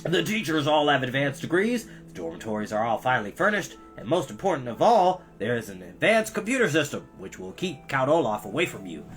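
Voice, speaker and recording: A reader doing a pompous middle-aged banker who drawls each word slowly and loudly, very sure of himself. His pitch swings widely as he patronizes, with coughs breaking through and faint music behind him. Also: big pitch swings, close to an everyday voice. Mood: boastful.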